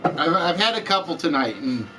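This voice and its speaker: Man, Southern US accent, game show host, high voice, bright tone, chatty, faint music behind. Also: big pitch swings, moderate pace, low-quality recording. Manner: chatty, greets and answers viewers from the chat. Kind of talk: live-stream game show hosting.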